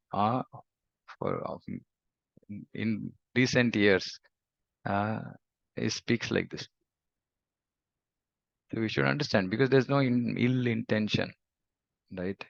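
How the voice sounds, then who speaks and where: A man's voice: on the low side, creaky, no echo. A man giving a scripture lecture as a spiritual teacher, emphatic and repeating points for stress. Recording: dull lo-fi recording.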